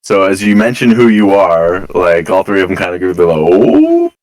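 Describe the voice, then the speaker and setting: A man running a tabletop game as game master, narrating in a casual, halting way with many fillers. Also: low-pitched, fairly even intonation, low-quality recording.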